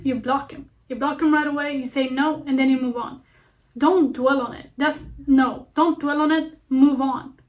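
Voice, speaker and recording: Young female vlogger, high voice, chatty encouraging self-talk with fillers and repeats. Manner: earnest, repetitive, playful self-talk with fillers. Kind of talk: casual self-help talk to camera.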